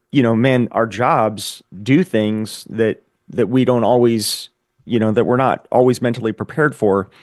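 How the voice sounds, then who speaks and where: A man with a voice on the low side tells his life story as a podcast guest; he's an Air Force veteran who speaks earnestly and reflectively, often repeating words as he organizes his thoughts. The sound is clean studio audio without echo.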